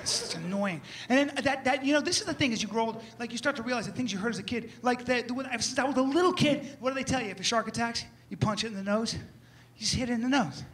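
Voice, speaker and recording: Man, stand-up comedian, animated storyteller, live club stage, noisy recording. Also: extremely high pitch, fast, hardly any pauses. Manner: animated storytelling, acting out scenes with voices. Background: audience laughter.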